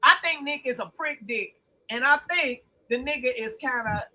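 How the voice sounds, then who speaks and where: A woman's voice: high voice, moderate pace, sharp tone, poor audio. A woman co-hosting a podcast, ranting bluntly and profanely in casual heated chat. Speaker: podcast co-host.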